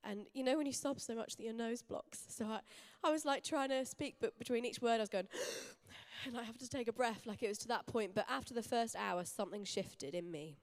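A woman's voice: fairly high pitch, fairly quick, few pauses. A young woman giving a sermon in an earnest, personal, conversational way. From England. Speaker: church speaker. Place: church hall.

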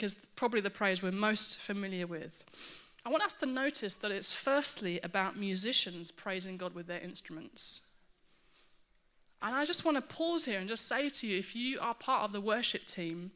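A woman preaching a sermon to her church, earnest and animated, with self-mocking asides. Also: mid-range voice.

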